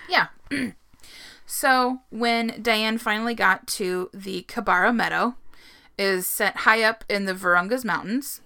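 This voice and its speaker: A woman with a bright, forceful voice, chatting casually as a podcast co-host. She tells a story at an easy pace, laughs often and drops the occasional swear word. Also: medium pitch, unhurried, vocal fry.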